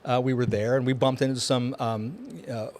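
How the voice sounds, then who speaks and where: A man's voice: mid-range voice, steady tone, normal speed, darkish tone, a little hiss or hum. A man co-hosting a podcast in casual chat, rambling with many fillers and restarts. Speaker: podcast co-host.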